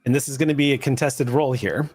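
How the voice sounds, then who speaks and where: A man's voice: mid-range voice, fast talker, breathy edge. A man running a tabletop role-playing game, narrating scenes and explaining the rules with plenty of fillers. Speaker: game master.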